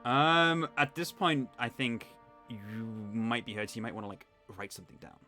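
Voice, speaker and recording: Animated, bright-voiced male game master. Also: medium pitch, moderate pace, soft background music. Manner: casual, animated narration with fillers. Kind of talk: narrating a tabletop game.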